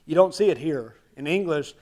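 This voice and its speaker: A man with a Southern American accent preaching a sermon, swinging from quiet asides to loud, emphatic declarations. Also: fairly high pitch, expressive, moderate pace. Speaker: pastor.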